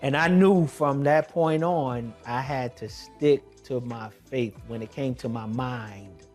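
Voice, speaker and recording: Slow, emphatic man giving a testimony. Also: mid-range voice, darkish tone, soft background music. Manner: emphatic, conversational storytelling with slang asides. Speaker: kidney transplant recipient sharing his story. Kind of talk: personal testimony.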